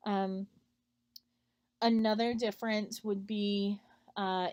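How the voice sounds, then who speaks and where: A female student with a medium-pitched, darkish voice gives a recorded class presentation in a roomy-sounding space. She explains step by step, often saying "um," and reads example sentences aloud.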